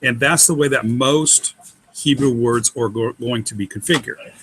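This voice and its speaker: A man teaches Hebrew syllable patterns step by step, spelling out letters slowly and carefully. His voice is bright and clear, at an ordinary middle pitch. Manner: patient, methodical, spells out letters.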